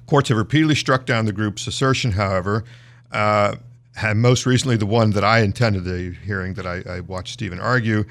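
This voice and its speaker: A man with a lowish voice and a gravelly, creaky edge walks through the news of the day. He reads casually, stopping for fillers and restarts, and talks the listener through each story like a host. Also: brisk, a bit bright. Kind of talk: casual news commentary, reading stories aloud.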